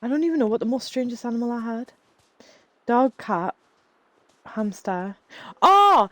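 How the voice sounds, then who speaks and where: A woman's voice: mid-range voice, a little mellow. A woman streaming live, telling rambling stories in casual chat while she plays a game and swearing freely. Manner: chatty, rambling storyteller who swears freely.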